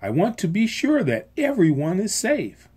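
A volunteer reader voicing a caring mother frog who speaks gently but with raised energy. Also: medium pitch, wildly swooping pitch, moderate pace, husky, voice pushed up. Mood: soothing.

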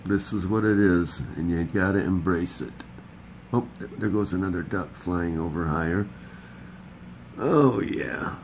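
Deep-voiced rambling man vlogging. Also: steady tone, normal speed, darkish tone, slight background noise, low-quality recording. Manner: rambling, chatty, upbeat pep talk. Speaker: vlog host. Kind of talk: casual rambling vlog.

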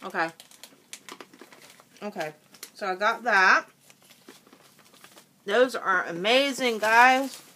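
Woman vlogger, relaxed unhurried delivery, sharp bright tone, casual haul chatter while snacking. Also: mid-range voice, a little hiss or hum. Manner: chatty, eats and chews while talking. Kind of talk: casual product haul chat.

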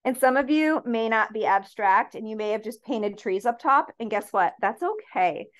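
A woman's voice: on the high side, animated, moderate pace. A woman leading a paint-and-sip class, giving upbeat, encouraging step-by-step instructions as she paints.

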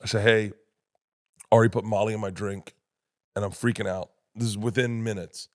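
A man, a comedian guest on a podcast, telling loud rambling stories, acting out other people's voices and laughing often. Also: fairly low pitch, fairly even intonation, moderate pace. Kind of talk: casual podcast storytelling.

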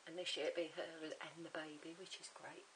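A woman's voice: deep voice, flat delivery, fairly quick, fairly bright tone, low-quality recording. A middle-aged woman, chatting and rambling through a home crafting tutorial, muttering to herself as she works. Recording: home camera recording with faint hiss.

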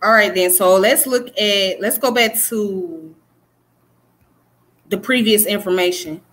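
A woman with a Southern US accent who talks fast and casually, teaching history on a live stream and chatting to her viewers. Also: mid-range voice, a bit bright. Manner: fast-talking, conversational, says "you know what I'm saying". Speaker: livestream host teaching history.

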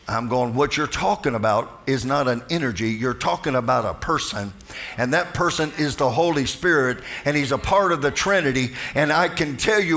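A man's voice: mid-range voice, normal speed, fairly bright tone, a little hiss or hum. A man preaching a fervent sermon as pastor, calling out to the congregation for responses.

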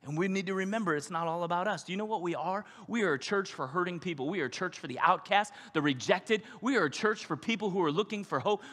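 A man preaching a sermon as a pastor, animated and acting out the voices of the people he quotes. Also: sits high. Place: church sanctuary. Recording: long hall reverb.

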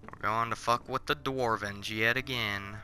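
A man narrating his own gameplay in a casual, blunt way, often confused and quick to swear. His voice is low-pitched but strikingly bright and sharp, with faint game music underneath. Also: steady tone, rough recording. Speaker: gamer, let's-play host.

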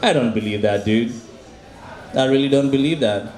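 A man's voice: medium pitch, normal speed, darkish tone. A man performing a stand-up set at an open mic, repeating each punchline with crude humor. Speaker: stand-up comic. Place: small open mic venue. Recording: echoey room.

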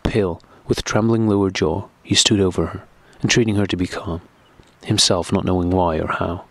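A man narrating a classic novel audiobook in a steady, measured reading. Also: low-pitched, vocal fry, no echo.

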